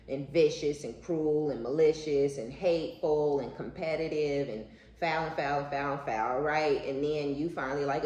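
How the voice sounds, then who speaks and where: A woman's voice: a bass voice, darkish tone, reverberant, poor audio. A woman giving a casual spiritual reading, blunt and profane, piling up repeated words for emphasis. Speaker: intuitive reader.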